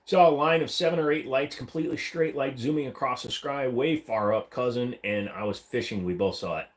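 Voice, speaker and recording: A man's voice: medium pitch, fairly quick. A man hosting a casual livestream, reading viewer comments and rambling with jokes and silly voices from his room at home. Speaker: livestream host. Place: home room, seated against a wall.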